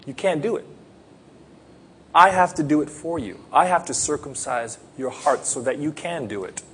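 A man preaching at a baptism, earnest, swinging from quiet teaching to loud pleading prayer. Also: a little high, animated, normal speed, slight background noise. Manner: earnest, rises to loud pleading prayer then drops soft. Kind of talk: sermon.

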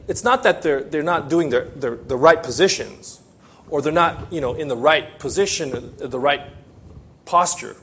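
A middle-aged male pastor preaching a sermon, emphatic and animated, often repeating his phrases. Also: on the high side, normal speed, husky.

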